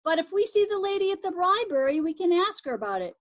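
A woman reading aloud, voicing a brisk, determined older sister in a children's story. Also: very high-pitched, sing-song, lo-fi sound, voice pushed up.

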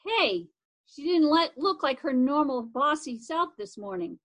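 A woman with a high, light voice reads a children's chapter book aloud. She takes her time, unhurried and expressive. The telling has the easy pace of a bedtime story. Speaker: reader.

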